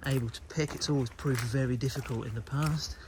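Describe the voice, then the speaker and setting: A man's voice: mid-range voice, steady tone, brisk, noisy background. A man hosting a casual outdoor video in a farmyard at night, chatty and wry, with mild swearing. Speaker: host.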